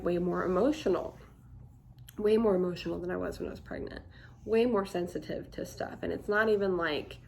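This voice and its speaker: A woman's voice: fairly low pitch, vocal fry, slight background noise. A young woman vlogging to camera in casual chat, candid and chatty, full of "like" fillers.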